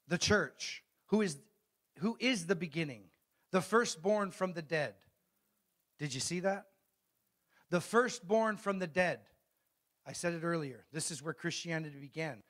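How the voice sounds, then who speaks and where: A middle-aged male pastor delivering a sermon, his voice pitched a touch high for a man. He throws questions out to the congregation and waits for replies. When he reads scripture, he slows down and leans hard on each phrase. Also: a bit bright. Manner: call-and-response preaching, asks the congregation questions; reads scripture slowly and emphatically.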